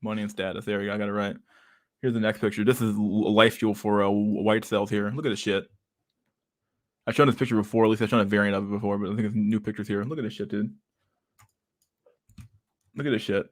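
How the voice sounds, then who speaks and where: A man's voice: fairly low pitch, steady tone, fast talker, long pauses. A man giving casual, rambling livestream commentary on pictures, swearing constantly and laughing often. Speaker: streamer reacting to pictures.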